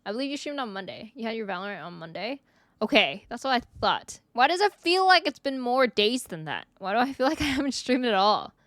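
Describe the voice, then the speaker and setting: Chatty young woman streamer, high and lively. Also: a little fast, no echo, clean studio sound. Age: 20s. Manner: chatty, greets viewers one by one. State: voice giving out, coughing. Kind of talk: casual live-stream chat. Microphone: desk streaming mic.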